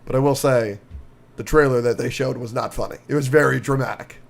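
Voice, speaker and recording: A man co-hosting a podcast, recapping with excitement and lots of fillers in casual chat. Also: mid-range voice, a little fast, creaky. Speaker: podcast co-host.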